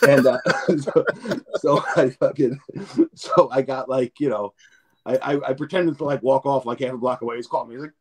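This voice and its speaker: A man with a husky, mid-range voice speaks briskly in a steady tone. Appearing as a podcast guest, he shares casual stories that ramble and swear, acting out the scenes and repeating words.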